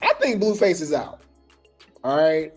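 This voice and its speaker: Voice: medium pitch, big pitch swings, unhurried, slightly rough, faint music behind. A gossip news host talking loosely in slang, full of fillers and restarts. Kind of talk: casual gossip commentary.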